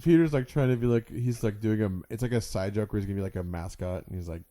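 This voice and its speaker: A man co-hosting a casual podcast, laughing often and acting out quoted cartoon lines in loud voices. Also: lowish voice, fast. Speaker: podcast co-host. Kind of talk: casual chat.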